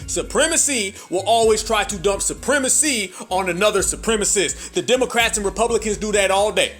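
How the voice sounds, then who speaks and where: High-voiced, emphatic male commentator. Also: a bit bright. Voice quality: emphatic, repetitive, profane, preacher-like. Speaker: host. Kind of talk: political commentary.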